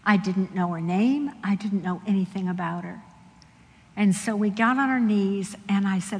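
A woman telling stories in a sermon, animated and laughing often as she acts out the people in them. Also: medium pitch, moderate pace. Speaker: Christian speaker. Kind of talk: sermon storytelling. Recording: long hall reverb.

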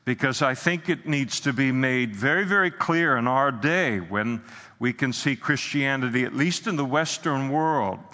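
A man delivers an earnest sermon, stopping often for filler sounds and restarting his phrases. His voice is bright and forceful, and a long reverb trails after each phrase, as in a large hall. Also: mid-range voice, moderate pace. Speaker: pastor.

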